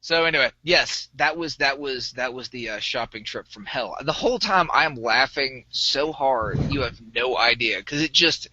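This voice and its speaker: Animated man recounting a game session. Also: mid-range voice, moderate pace, hardly any pauses. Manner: animated, laughs often. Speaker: game master. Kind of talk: casual storytelling about a tabletop game. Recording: dull lo-fi dry podcast audio.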